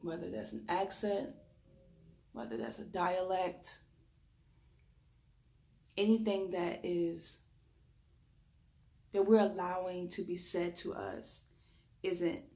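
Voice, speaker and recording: A woman speaks with a Southern drawl in a deep, raspy voice and a lisp, offering a spoken reflection as a reiki practitioner. When excited she tends to talk fast, but she deliberately slows herself down.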